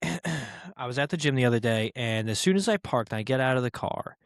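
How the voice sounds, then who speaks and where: A man's voice: mid-range voice, expressive, a little fast, no echo, studio quality. Rambling man hosting a comedy podcast. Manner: rambling storyteller who swears casually and acts out quoted voices. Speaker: podcast host. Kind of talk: casual comedic monologue.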